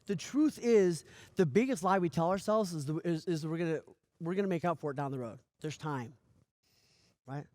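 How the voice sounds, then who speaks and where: A man giving a motivational coaching speech, energetic, often asking "right?" and acting out little dialogues. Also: fairly high pitch, moderate pace, no echo. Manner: energetic, repeats "right?" often, stammers on restarts; acts out dialogue in lively voices. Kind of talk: motivational talk.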